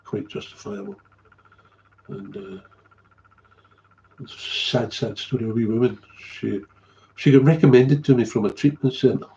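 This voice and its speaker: A man's voice: medium pitch, steady tone, moderate pace, pauses often, warm tone, dull audio, slight background noise. A middle-aged man, telling a candid story as a recovery sponsor, blunt and swearing freely, often trailing off and repeating himself.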